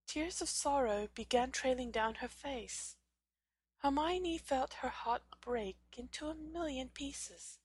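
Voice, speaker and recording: Woman reading a fanfic aloud, slow and dramatic, dry close recording. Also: high voice, husky, dry recording. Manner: slow, dramatic, expressive storytelling. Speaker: narrator. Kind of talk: fan fiction audiobook reading.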